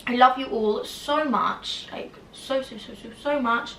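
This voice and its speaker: A woman's voice: a little high, measured pace, creaky, bright, forceful tone, slight background noise. A young woman with a slightly whiny voice, chatting casually to camera and rambling with lots of "like" fillers. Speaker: YouTuber. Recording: roomy, distant from the mic.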